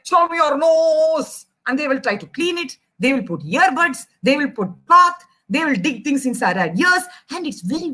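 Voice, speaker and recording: A young Indian woman telling a children's story, animated and chatty, speaking straight to the kids listening. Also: very high-pitched. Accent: Indian English. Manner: animated, addresses kids directly.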